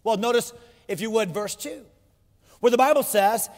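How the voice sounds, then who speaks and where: A man's voice: sits high, normal speed, big-room sound. A pastor preaching a sermon to his congregation, emphatic, repeating his phrases and asking rhetorical questions.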